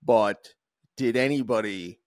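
A man co-hosts a podcast in a casual chat, rambling with lots of fillers and restarts. His voice is lowish and a little mellow, and he speaks slowly. The studio-quality recording has no echo.

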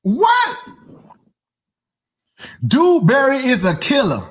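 A man hosting a comedy podcast, delivering an animated, profane rant that keeps breaking into mock voices and sing-song chanting. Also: sits high, moderate pace, breathy edge. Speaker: podcast host.

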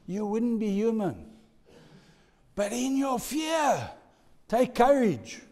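Slow, lively preacher. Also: male voice, extremely high pitch. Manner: emphatic preaching, swinging from hushed to loud. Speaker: pastor. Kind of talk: sermon. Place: church hall. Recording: echoey church hall.

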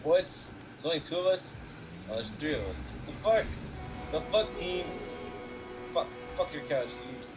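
Young man, drunk, profane gamer, lively swings in pitch, unhurried, background hiss. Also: music in the background, low-quality recording. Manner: profane, laughing, trash-talking teammates. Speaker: game streamer. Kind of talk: casual gaming chat.

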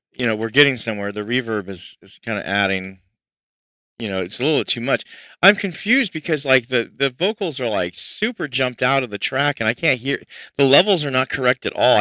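Brisk and expressive, this man's mid-range voice is bright and forceful in a dry recording. He chats casually with livestream viewers while mixing music at home, frustrated and rambling as he works through issues, with faint music playback in the background.

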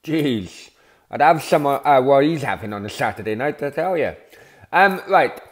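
A man hosts a fan video show, introducing each clip casually in a relaxed, chatty way. His voice sits at an ordinary middle pitch. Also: normal speed. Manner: relaxed, chatty link-ins with fillers. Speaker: show host. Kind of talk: casual presenting of fan clips.

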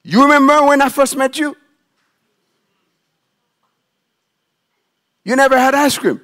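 A man acting out a furious man ranting at his partner in a loud, accusing outburst. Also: high voice, normal speed, voice pushed up. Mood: angry.

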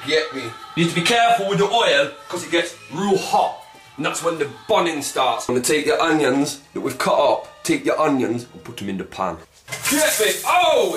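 A man hosting a comic cooking demonstration in swaggering street slang, with a pitch that keeps jumping around. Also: fairly bright tone. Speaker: comic cooking show host. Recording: echoey room, mic at a distance, faint music.

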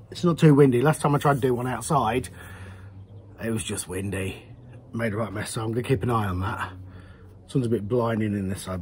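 A man's voice: mid-range voice, a little mellow. A man in a casual beer-tasting vlog, chatty and rambling, often correcting himself mid-sentence. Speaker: homebrewer reviewing beers.

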